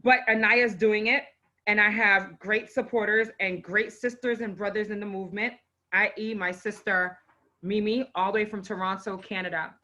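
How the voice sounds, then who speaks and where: Effusive, bright-voiced woman hosting a live show. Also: mid-range voice, fairly even intonation, normal speed, highs cut off. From Haitian parents. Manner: effusive, emotional, exclaiming. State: on the verge of tears. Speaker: host. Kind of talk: live online show, unboxing and introducing a guest.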